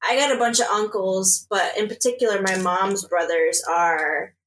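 A woman's voice: medium pitch, normal speed, a little hiss or hum, low-quality recording. A young woman from Illinois co-hosting a casual podcast, telling a story with lots of laughter and swearing. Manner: animated, laughing, swearing freely. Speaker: podcast co-host.

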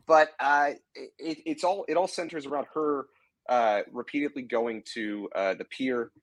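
A man's voice: mid-range voice, moderate pace, no echo. A man casually recapping an episode's plot on a podcast, rambling with lots of fillers and restarts. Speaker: podcast co-host. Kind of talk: casual chat, summarizing a TV episode.

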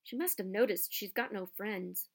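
A woman voicing a quick-tempered, sulky teenage boy in an audiobook reading. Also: mid-range voice, vocal fry. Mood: grumpy. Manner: grumbling, snappish. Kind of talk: audiobook character voice.

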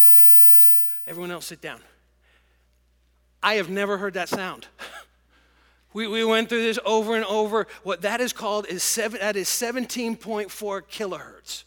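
A middle-aged man preaching a sermon to a congregation, telling stories in an animated, emotional way. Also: sits high, moderate pace, long pauses. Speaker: pastor. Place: large church auditorium with congregation. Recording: long church hall reverb.

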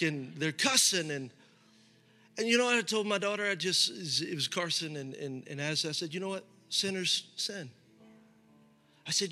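A middle-aged pastor with a high-sitting, pushed, bright voice preaches a sermon at a moderate pace. His delivery is loose and conversational, with frequent restarts, and the recording carries hall reverb and faint music.

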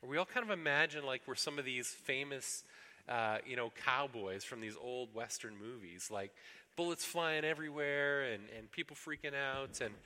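Man giving an earnest sermon, bright edgy voice, echoes around a big hall. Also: medium pitch, moderate pace. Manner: earnest, acts out pleas to God in a raised voice. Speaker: pastor.

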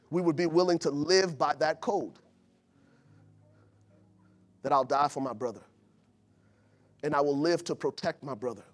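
A man preaching a sermon to his congregation, swinging from loud urgent peaks to low soft passages and calling out to the room. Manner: calls out to the congregation. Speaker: pastor. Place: church before a live congregation.

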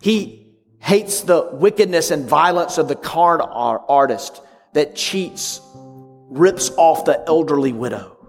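A man preaching a sermon, swinging from loud emphatic lines to hushed whispers. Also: on the high side, takes it slowly, long reverb tail, soft background music. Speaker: pastor.

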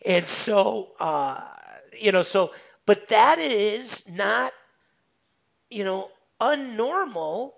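A sales manager guesting on a podcast chats casually, telling stories in an animated way with lots of filler words. He has a high voice with vocal fry.

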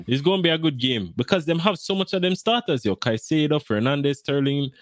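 A man in casual, animated football banter on a podcast, slipping into patois. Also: fairly high pitch, brisk, no room sound, clean studio sound. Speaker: podcast co-host.

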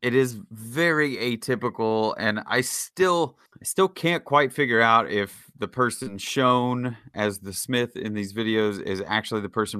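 A man's voice: fairly low pitch, pushed and bright, dry recording, clean studio sound. A man co-hosting a casual podcast, telling a rambling story with frequent self-corrections. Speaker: podcast co-host. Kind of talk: casual chat.

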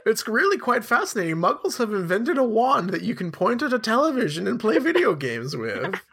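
A man's voice: wildly swooping pitch, fairly quick, a bit bright, breathy edge, exaggerated voice. A man doing a kooky old Dumbledore. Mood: giddy boasting. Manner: high, giddy, bumbling old-man voice. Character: kooky old male wizard headmaster. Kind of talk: comedic podcast impression.

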